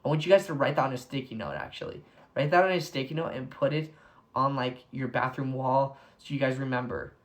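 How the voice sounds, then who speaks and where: Excitable young man giving a casual devotional. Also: mid-range voice, fairly quick. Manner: excitable, heavy use of "like", bursts of enthusiasm. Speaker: devotional speaker.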